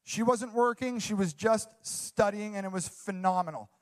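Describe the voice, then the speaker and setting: High-voiced earnest young man preaching. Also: moderate pace. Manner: earnest, enthusiastic, repeats himself. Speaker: youth pastor preaching. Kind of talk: sermon.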